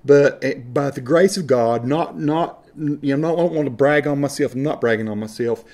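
A man's voice: medium pitch, moderate pace, darkish tone. A man from western North Carolina with an Appalachian accent, talking to camera in a passionate, rambling, folksy monologue. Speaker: vlogger.

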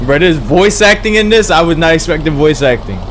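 A young man giving casual, slang-heavy commentary on a game, excitable and repeating his phrases. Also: a little high, fairly quick, a little hiss or hum, poor audio. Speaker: gaming YouTuber. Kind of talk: let's play commentary. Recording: commentary over loud game music.

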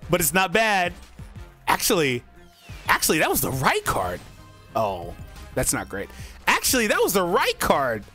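A young man hosting a gaming channel, commenting on a card game as he plays, excitable, talking to himself and laughing often. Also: high-pitched, a little slow, long pauses, soft background music.

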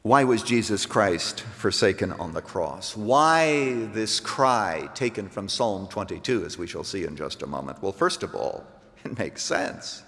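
A man preaches a sermon at an unhurried, deliberate pace, his voice trailing off into long reverb. He moves from hushed, low lines to emphatic ones, and he sounds like a pastor in a church sanctuary. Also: lively intonation.

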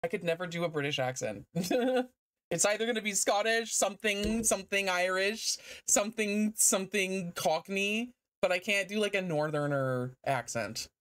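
A woman's voice: medium pitch, moderate pace, fairly bright tone. A woman streamer in casual let's-play commentary, rambling and self-deprecating and laughing often.

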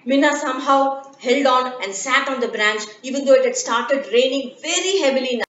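A woman narrating a children's story slowly and gently, with occasional fillers. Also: sits high. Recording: dull, echoey room, from far off.

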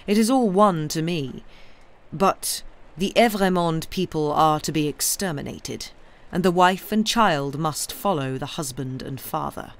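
A woman voicing a stern, vengeful middle-aged woman revolutionary, cold and deliberate, in a read-aloud novel. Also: deep voice.

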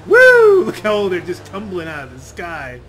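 Brief: male game commentator, high and lively voice, cries out over the race. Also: gravelly, a little hiss or hum, low-quality recording. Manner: excitable, exclaiming. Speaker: gaming channel host. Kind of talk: live racing game commentary. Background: loud game music.

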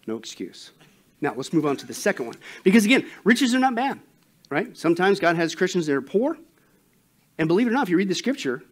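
A man preaching a sermon as pastor, animated and emphatic, telling a joke story. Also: fairly high pitch, husky.

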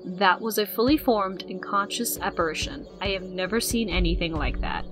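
A woman's voice: lowish voice, moderate pace, natural voice. A woman voicing a formal, wordy young boy inventor, with game music behind. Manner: wordy and precise.

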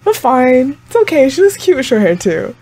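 A woman's voice: sits high, very animated, moderate pace, a little mellow, breathy edge. A young woman hosting a reaction video, chatting casually to the screen with frequent exclamations and laughs. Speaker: anime reaction channel host.

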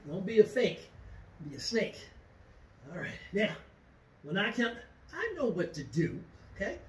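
High-voiced man teasing a kids' class. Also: recorded from a distance. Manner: mock-confused, teasing, repeats himself. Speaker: martial arts instructor. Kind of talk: playful children's class.

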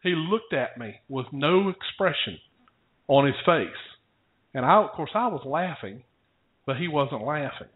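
A man's voice: fairly high pitch, lively intonation, a little slow. A man casually telling a rambling story to his co-host, often chuckling. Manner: rambling, chuckling anecdote teller. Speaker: podcast co-host. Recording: tinny phone-like audio.

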